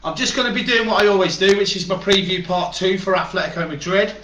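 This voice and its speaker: A man's voice: high-pitched, fast, pushed and bright. A man hosting a football channel, chatting casually with rambling asides and reading from the newspaper. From Liverpool, England. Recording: roomy echo, faint background ambience.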